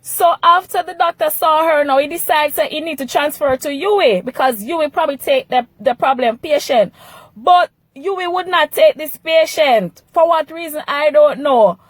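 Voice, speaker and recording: A Jamaican woman talks back to a news clip, pressing her point and slipping into local dialect as she pleads. Her voice sits very high, and the recording is close and completely dry, with no room sound at all. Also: normal speed, dry recording. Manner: emphatic, pleading, dialect-rich. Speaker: vlogger.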